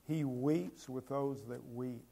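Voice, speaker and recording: A man preaching a sermon as pastor, asking the congregation rhetorical questions and swinging from loud, emphatic lines to quiet ones. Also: mid-range voice, takes it slowly, gravelly.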